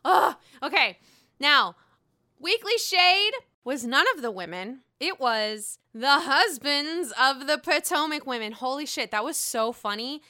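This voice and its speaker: A woman's voice: high voice, expressive, unhurried, bright, forceful tone. A woman casually recapping a reality show, gossiping, swearing freely and often laughing.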